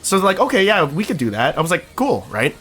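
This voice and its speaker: A man's voice: fast talker, soft background music. A young man from Canada casually telling a story to his stream chat, swearing now and then and acting out quotes. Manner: animated, swears casually, acts out quotes with big pitch jumps.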